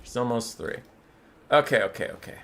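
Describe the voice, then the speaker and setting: He tells viewers he feels sick, and he sounds stuffy as he rambles through setting up a strategy game and coos over pet photos. The young man's medium-pitched voice keeps a moderate pace, with slightly bright audio and a little background noise.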